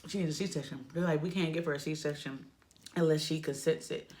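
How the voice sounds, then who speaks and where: A young woman chats through a personal story, her slightly low voice jumping up when she gets worked up. She talks casually and emotionally, like she is telling it to friends. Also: fairly quick. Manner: animated, emotional retelling with lively pitch swings. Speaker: vlogger telling a birth story.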